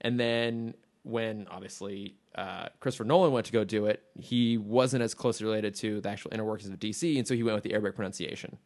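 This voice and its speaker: A man's voice: fairly low pitch, steady tone, fast, few pauses, darkish tone. A man co-hosting a podcast in casual chat, talking enthusiastically and rambling with restarts and fillers. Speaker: podcast co-host.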